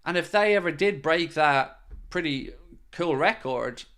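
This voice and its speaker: A man's voice: a little high, animated, measured pace, fairly bright tone. Chatty man answering live chat. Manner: chatty, answers viewer comments. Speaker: podcast host reading live chat. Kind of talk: casual live-stream chat.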